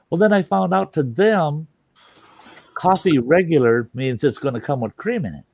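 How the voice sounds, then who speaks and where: A man's voice: fairly high pitch, moderate pace, vocal fry, no echo, muffled recording. A man hosting a casual live stream, telling folksy road stories and acting out the people in them. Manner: folksy, animated quoting of people. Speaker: host.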